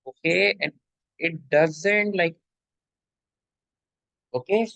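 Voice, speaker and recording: A fairly high-pitched man teaching literature in a patient, repetitive lecture style. He keeps checking in with his listener. The sound is dry and close. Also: drawn-out words, gravelly, a bit bright, no room sound, low-quality recording. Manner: repeats points, frequent "okay?" check-ins; addresses listener as "my dear". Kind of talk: explanatory lecture.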